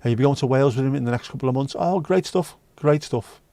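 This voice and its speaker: A man chats and jokes with his live stream viewers in a loose, bantering way. His voice is mellow and relaxed, recorded close and dry. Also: mid-range voice, fast, no room sound. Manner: chatty, joking, banters with chat and sings snatches. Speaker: livestream host reading chat. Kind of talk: casual chat.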